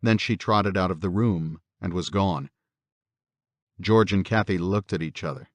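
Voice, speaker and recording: A man narrating a horror audiobook in a measured, steady storytelling manner. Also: sits low, dry recording.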